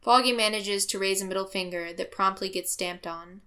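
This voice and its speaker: Woman narrator, bright and expressive, reads fiction aloud. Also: medium pitch, moderate pace. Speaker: reader. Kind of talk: audiobook narration of fan fiction.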